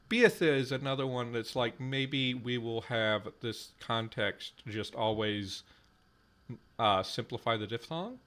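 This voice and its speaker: A man hosts a live stream on building a language, working things out aloud at a very slow, halting pace. He trails off into fillers and repeats the same trial words again and again, with his voice at a middling pitch. Keyboard typing clicks in the background. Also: expressive, a bit bright. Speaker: podcast host running a conlang stream.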